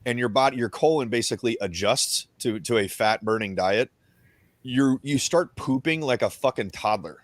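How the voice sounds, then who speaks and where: A young man hosting a podcast, telling crude stories in profane, animated casual banter on a close mic. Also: mid-range voice, normal speed, no echo. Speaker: podcast host.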